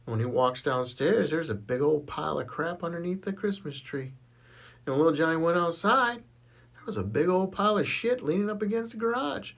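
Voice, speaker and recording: A man's voice: a little high, lively intonation, brisk, gravelly, a bit bright. A man telling jokes, who chuckles at his own punchlines. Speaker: joke teller.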